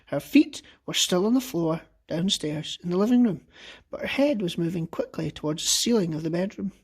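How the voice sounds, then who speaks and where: A man teacher reading a children's book aloud with expressive, lively storytelling. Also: high voice, moderate pace, slightly rough.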